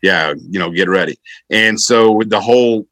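A man, an army veteran, telling his service stories in a relaxed, rambling way, with fillers and self-corrections. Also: on the low side, normal speed, no room sound, low-quality recording. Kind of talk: casual conversational storytelling.

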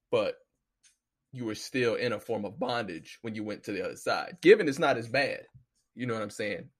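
Man, podcast host, gravelly, mid pitch, loose storyteller, salty language. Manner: loose, animated storytelling, heavy cursing. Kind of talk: casual profane commentary.

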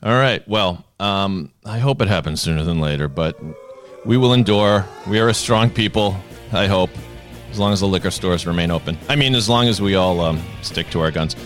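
A man's voice: sits low, moderate pace, soft background music. A man with a Boston accent hosting a podcast, chatting in a jokey, rambling way with many restarts. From Boston area. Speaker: podcast host. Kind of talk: casual chat.

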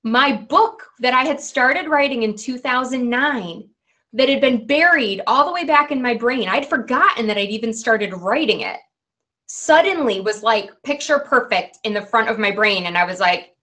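A woman's voice: a little high, moderate pace. Chatty woman in her forties. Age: 40s. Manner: chatty, animated, peppered with "like" and "right". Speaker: guest. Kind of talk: candid personal storytelling.

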